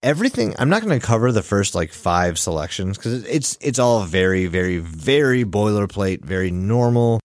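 A man's voice: lowish voice, very animated, normal speed, few pauses, no room sound, studio quality. A man hosting a casual podcast chat, loose and profane, with many filler words. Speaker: podcast host.

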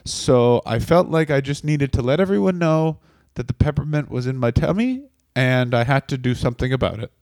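A man's voice: mid-range voice, lively intonation, fairly quick, a little mellow, no echo, clean studio sound. A male comedian co-hosting a podcast, riffing sarcastically and swearing freely. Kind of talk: casual comedic chat.

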